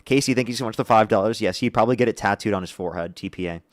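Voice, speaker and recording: Male streamer host, low voice, fast combative delivery. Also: dry recording. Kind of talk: livestream debate.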